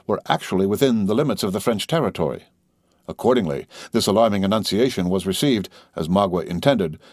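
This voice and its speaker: A male audiobook narrator with a low voice, reading classic prose in an even, formal way. The recording is dry and close, with no room sound at all. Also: no echo. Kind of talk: scripted narration.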